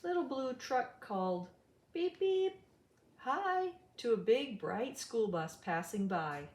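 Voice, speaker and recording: A woman's voice: mid-range voice, animated, measured pace, a little mellow. A woman reads a children's picture book aloud in a roomy, echoey space. She takes her time over every line, and her voice swoops up and down in a sing-song storytelling way. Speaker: storybook reader. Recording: roomy echo.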